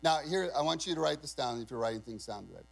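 A man's voice: mid-range voice, animated, fast talker, creaky, low-quality recording. A male pastor preaching a sermon in a conversational, emphatic way, often asking the congregation questions.

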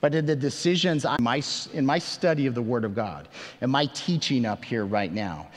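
A man's voice: medium pitch, expressive, normal speed. A man preaching a sermon as pastor, earnest and conversational, with self-deprecating asides and emphatic questions to the congregation. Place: church sanctuary. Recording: long reverb of a large hall.

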